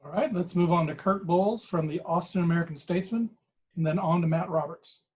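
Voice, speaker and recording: Man, press conference moderator, brisk, fairly high voice. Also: darkish tone, rough recording. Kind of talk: brief announcements.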